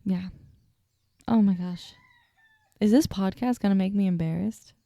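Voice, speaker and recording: A woman's voice: medium pitch, measured pace, dark tone, no echo, highs cut off. A young woman hosting a podcast, telling stories in a chatty, self-deprecating way, sleepy and yawning, with a stutter at times. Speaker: podcast host. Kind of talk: casual solo storytelling.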